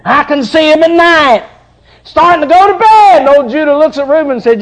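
A middle-aged man preaching a sermon with passion, dropping at times to soft, tender passages. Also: extremely high pitch, lively intonation, brisk, poor audio.

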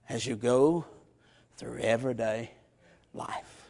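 A man preaching a sermon in a church, moving from soft, chuckling asides to impassioned shouting. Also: on the high side, lively intonation, unhurried, vocal fry, long pauses. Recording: long reverb in a large hall.

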